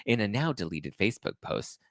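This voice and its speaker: A man with a bright, forceful voice rants about celebrity gossip like the host of a commentary show. He reads aloud, breaks off into sarcastic, exasperated outbursts and keeps getting more worked up. The sound is dry and close, with no room around it. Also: fairly low pitch, very animated, brisk, dry recording.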